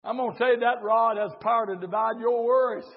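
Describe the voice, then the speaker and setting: A man preaching a fiery revival sermon. He swings between soft, low talk and shouted, rhythmic preaching at a church service. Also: steady tone, fast talker. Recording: dull recording with faint congregation. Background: faint congregation.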